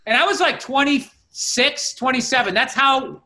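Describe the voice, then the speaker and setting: A man's voice: extremely high pitch, moderate pace, sharp tone. A middle-aged man telling rambling stories in casual chat, swearing freely. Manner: profane, rambling storytelling.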